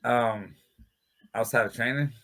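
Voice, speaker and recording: A man's voice: medium pitch, unhurried, pushed and bright. A man, a fighter being interviewed, telling stories in a loose, casual way and often breaking into laughter. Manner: laughs often while talking. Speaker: bare-knuckle fighter, interview guest. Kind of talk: casual storytelling.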